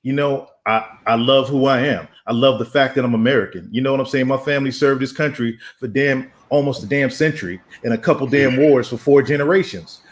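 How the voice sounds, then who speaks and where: A man's voice: mid-range voice, fairly quick, hardly any pauses. A man making a heated argument as a guest on an online panel. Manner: emphatic, argumentative. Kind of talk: heated casual debate.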